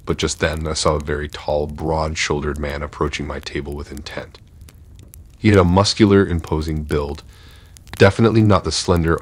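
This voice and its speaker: A man giving a measured, steady first-person narration of a horror story. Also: very deep voice, husky.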